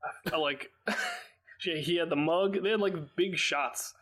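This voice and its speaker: A man's voice: a little high, a little slow, a bit bright. A young man chatting casually on a podcast, wry and laughing between comments. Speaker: podcast co-host. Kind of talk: casual chat.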